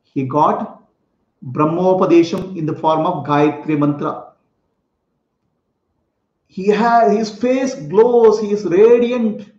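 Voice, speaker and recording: A man's voice: sits high, slow pace, pauses often, a little mellow. A man, a spiritual teacher, telling a sacred story for children in simple, repetitive words and explaining terms. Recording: echoey room, dull lo-fi sound.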